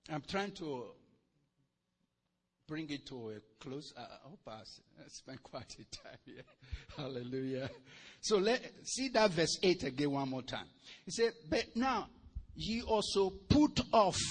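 A man with a high voice preaches a sermon. He moves between slow, deliberate scripture reading and bursts of loud, animated exhortation. His delivery rises and falls sharply in volume. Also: slightly rough. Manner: animated, swings from quiet to loud and laughing.

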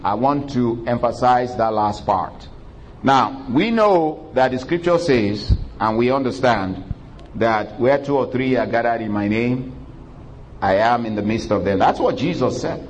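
A man's voice: medium pitch, animated, low-quality recording. Pastor guy preaching in church, stretches out his praise lines, calls for amens, faint noise behind. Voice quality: old-fashioned scripture reading. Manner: preacherly, drawn-out calls of praise and call-and-response. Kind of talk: sermon.

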